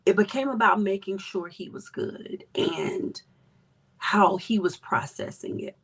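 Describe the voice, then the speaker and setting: A woman hosting a podcast, talking earnestly and with emotion, sometimes dropping to a soft whisper. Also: mid-range voice, vocal fry, husky. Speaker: podcast host. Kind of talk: candid personal reflection.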